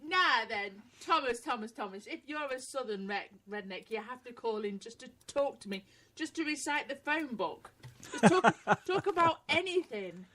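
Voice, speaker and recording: English woman, co-host, high bright voice, cheeky teasing banter, quick laughs. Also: animated, a little hiss or hum. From England. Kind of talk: casual chat show banter.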